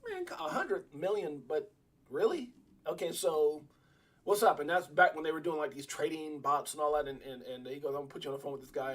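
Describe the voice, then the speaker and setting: A middle-aged man hosts a casual livestream with a high-pitched, husky voice. He tells stories in an excitable, repetitive way, circling back to his points again and again. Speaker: crypto livestream host.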